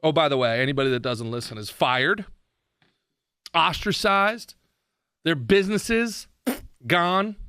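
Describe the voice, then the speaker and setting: A man hosting his own podcast, ranting sarcastically about politics in a mocking, animated way. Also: fairly high pitch, unhurried, long pauses, clean tone, dry recording, studio quality. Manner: sarcastic, mocking, animated rant with shouted impressions. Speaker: podcast host.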